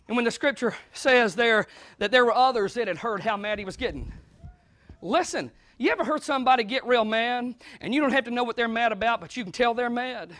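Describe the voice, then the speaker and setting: Impassioned high-voiced preacher. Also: male voice, dry recording. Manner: impassioned, swinging from quiet asides to shouted declarations. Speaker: pastor. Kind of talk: sermon.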